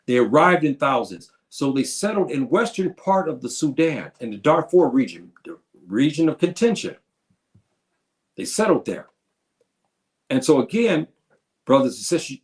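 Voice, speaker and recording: A man giving an informal history lecture, calling his listeners brothers and sisters and often restarting his phrases. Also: mid-range voice. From United States. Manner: addresses listeners as brothers and sisters, halting with repeats. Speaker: history presenter.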